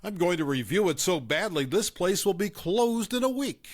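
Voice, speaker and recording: An indignant drunk bar patron barks out a shouted threat, as a male narrator puts him on. The voice stays close to the narrator's own and sits a little higher, with a lively, swinging pitch. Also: normal speed.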